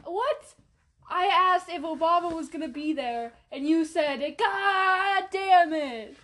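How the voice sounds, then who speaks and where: A woman chatting on a podcast with her brother, teasing him in a dry, deadpan way. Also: very high voice, measured pace. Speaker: co-host's sister, guest. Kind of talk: casual podcast chat.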